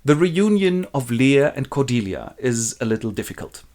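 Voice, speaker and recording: A man narrates a comic retelling of a classic play, with wry, deadpan asides. His pitch sits in the middle but moves in lively swings. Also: normal speed. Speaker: host and narrator.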